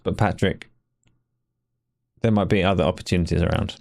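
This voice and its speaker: Gravelly low-voiced man hosting a stream. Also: steady tone, moderate pace, a little mellow. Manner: rambling, chatty, says he is shivering from cold. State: shivering from cold. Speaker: stream host. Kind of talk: casual live stream chat.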